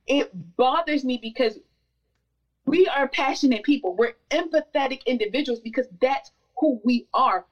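A woman's voice: fairly high pitch, distant mic, poor audio. A woman speaking as a podcast guest, talking passionately and emphatically, repeating words for stress. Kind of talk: casual podcast conversation.

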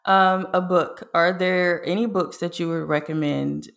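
Woman, podcast host, interviewer, measured questions, lowish pitch. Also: fairly even intonation, vocal fry, fairly bright tone.

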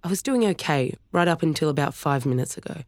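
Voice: medium pitch, animated, fast talker, darkish tone, dry recording, studio quality, lightly acted. A narrator voicing a tense, clipped young woman in an audiobook. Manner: clipped, snapping.

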